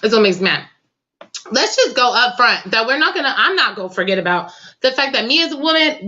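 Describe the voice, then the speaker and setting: A woman's voice: fairly high pitch, sing-song, fairly quick, pushed and bright, muffled recording. Tearful, impassioned woman host. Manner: impassioned and tearful, colloquial slang. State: crying. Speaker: talk show host. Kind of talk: emotional political commentary.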